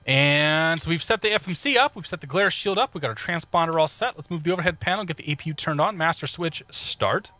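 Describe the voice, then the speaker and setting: Bright-voiced man streaming a flight sim. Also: fairly high pitch, fast, few pauses, no echo. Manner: chatty, joking, reading out chat while working through cockpit checklists. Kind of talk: casual live-stream commentary.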